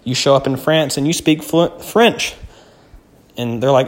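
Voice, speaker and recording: A man's voice: medium pitch, unhurried. A young man from the United States hosting a casual solo podcast, laid-back and slangy, often calling the listener "man" or "dude". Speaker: podcast host.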